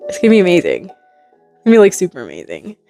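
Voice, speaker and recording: A woman giving a casual, rambling tarot reading to her viewers, acting out imagined reactions in quick quotes. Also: lowish voice, over music. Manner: rambling, animated, full of hypothetical quotes. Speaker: tarot reader.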